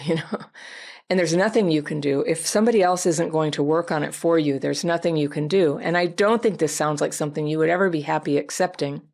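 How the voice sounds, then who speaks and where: A woman with a low voice gives advice in reply to a viewer's letter. She sounds gentle and reflective and talks straight to the person who wrote in. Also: brisk. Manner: gentle, reflective, speaks directly to the listener. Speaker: advice host.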